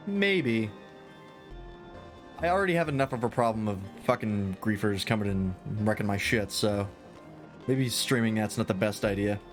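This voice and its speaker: A young man streaming a game, chatting in a casual, offhand way with plenty of swearing. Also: fairly low pitch. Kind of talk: casual gameplay commentary.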